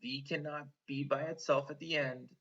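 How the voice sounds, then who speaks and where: A man teaching an online phonics lesson to children, slow and encouraging, stretching out each sound. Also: fairly high pitch, steady tone, a bit bright. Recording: slightly dull lo-fi online lesson audio.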